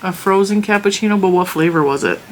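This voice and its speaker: A woman's voice: medium pitch, fast, slight background noise. Chatty mom teasing her kid. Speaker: vlog host and mother. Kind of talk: casual chat with her child.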